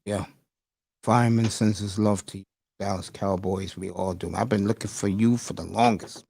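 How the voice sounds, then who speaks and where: A man's voice: lowish voice, steady tone, normal speed, gravelly, a little mellow, slightly rough, dry recording, studio quality. A man hosting a casual live stream, rambling and emotional, calling his listeners bro and folks. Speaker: livestream host. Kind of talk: casual livestream chat.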